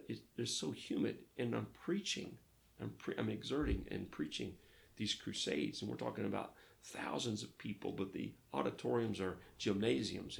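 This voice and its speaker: A man from Arkansas, a pastor, telling lively stories in a casual interview and acting out the dialogue. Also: on the low side, vocal fry. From Arkansas, United States. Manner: lively storyteller who acts out dialogue.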